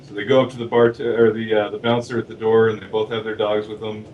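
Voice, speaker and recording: A man's voice: lowish voice, monotone, fast, highs cut off. A tired man on a livestream casually telling corny jokes and laughing at them himself. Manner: playful, giggles at own jokes. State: tired from little sleep. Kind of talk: casual joking chat. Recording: distant mic with faint noise.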